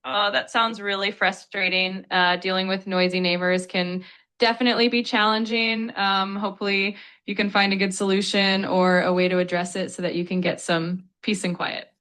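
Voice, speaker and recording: A synthetic-sounding woman tutor with a bright, crisp edge to her voice. She explains vocabulary patiently, staying polite and upbeat throughout. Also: medium pitch, level tone, normal speed. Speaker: AI English tutor.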